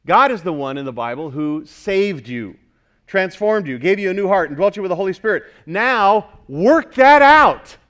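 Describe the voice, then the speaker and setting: High-voiced pastor preaching emphatically. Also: male voice, animated, a little fast. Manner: emphatic preaching, repeating key phrases and swinging from loud to hushed. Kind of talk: sermon.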